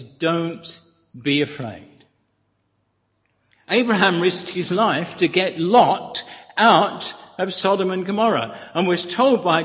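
A man preaching a sermon in a church, speaking earnestly and deliberately, with emphatic repetition. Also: fairly high pitch, a bit bright. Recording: reverberant, dull lo-fi church recording.

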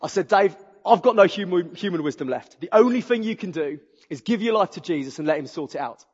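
A man preaching a sermon, exuberant and animated, telling humorous stories to a church audience. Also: sits high, a little fast, slightly rough. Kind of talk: sermon with storytelling. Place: church auditorium. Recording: dull audio with long hall reverb.

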